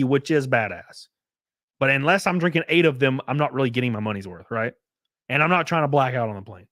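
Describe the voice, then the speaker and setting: A man's voice: mid-range voice, fairly bright tone, no room sound, clean studio sound. A man hosting his livestream, ranting casually and profanely while mimicking people in mocking voices. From United States. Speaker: streamer host.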